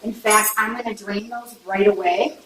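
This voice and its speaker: A woman walks viewers through a home recipe in a loose, chatty way, often checking in with a quick "okay?". She is openly emotional. Her voice sits a little away from the mic in an echoey kitchen with faint background noise. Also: medium pitch, steady tone, a bit bright, recorded from a distance. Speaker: home cook. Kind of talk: casual cooking demonstration.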